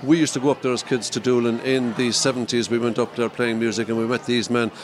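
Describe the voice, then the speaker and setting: A man's voice: mid-range voice, level tone, fast talker, background noise. A man in his fifties with a County Clare accent, co-hosting a radio show in a chatty, wry way. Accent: Irish, County Clare. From Ireland. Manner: chatty, wry, laughs at himself. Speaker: radio co-host. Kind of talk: casual radio chat.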